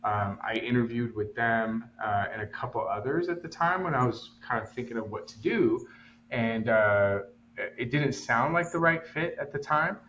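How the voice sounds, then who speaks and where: A man's voice: medium pitch, normal speed, fairly bright tone, roomy sound, lo-fi sound, a little hiss or hum. A man from Los Angeles, a podcast co-host, telling a long casual story full of fillers and acted-out quotes. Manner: rambling, many fillers, acts out quotes.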